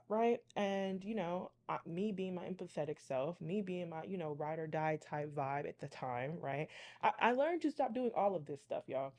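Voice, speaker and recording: A woman's voice: lowish voice, normal speed, a little mellow. A young woman who reads tarot, telling a story to her viewers in a chatty, dramatic way. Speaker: tarot reader and channel host. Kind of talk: casual storytime.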